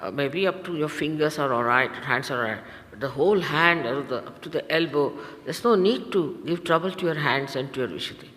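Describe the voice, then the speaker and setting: A woman with an Indian accent, a spiritual teacher giving an instructive, admonishing talk to her followers, pausing often with hesitations. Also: low-pitched, animated, fairly bright tone, in a large hall.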